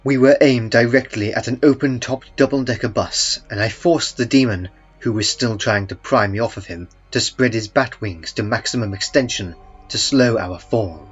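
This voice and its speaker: A man reading a first-person horror story in a calm, dry, understated way. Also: medium pitch, moderate pace, breathy edge. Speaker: narrator. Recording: muffled, with faint music beneath.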